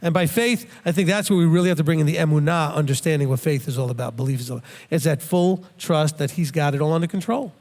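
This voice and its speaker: This Bible teacher, a middle-aged man, explains scripture in an earnest, conversational style, talking fast with few pauses in a fairly high, slightly mellow voice. Plain in his speech, he frequently restarts or repeats words as his thinking takes shape, and his voice rings with a long, hall-like reverb.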